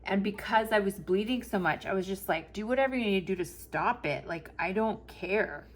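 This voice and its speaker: A woman's voice: medium pitch, normal speed, slight background noise. A woman in her forties telling a long story in a chatty vlog, acting out the dialogue as she quotes it. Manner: animated, retells with quoted dialogue. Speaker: planner vlogger.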